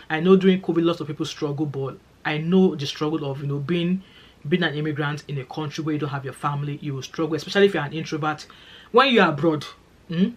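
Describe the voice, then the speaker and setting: A Nigerian woman talks to camera in a brisk, rapid vlog. She is chatty and emphatic, often repeating words to drive a point home and addressing her viewers directly. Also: low voice. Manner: chatty and emphatic, repeats phrases for stress, speaks straight to viewers. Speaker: vlogger. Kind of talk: casual talking-to-camera vlog.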